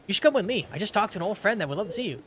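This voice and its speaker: Chatty young southern woman in a video game, as a male streamer puts her on; Southern US drawl, raised pitch. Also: animated, very fast, a bit bright, slight background noise. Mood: inviting. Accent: Southern US, put on.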